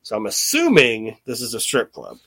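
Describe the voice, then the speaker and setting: Bright-voiced man rambling through a recap. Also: mid-range voice, moderate pace, vocal fry, slightly rough, no echo. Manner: rambling, profane, animated retelling with quoted voices. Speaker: podcast host. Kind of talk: casual wrestling recap chat.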